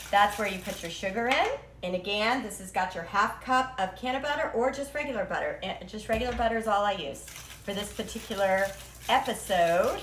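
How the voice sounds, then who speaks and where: A woman hosts a live-streamed cooking demo in her home kitchen, chatting playfully and tossing off silly rhymes as she stirs. Her voice bounces around an echoey kitchen. Pots, cutlery and dishes clank loudly behind her. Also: mid-range voice, a little hiss or hum. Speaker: cooking show host.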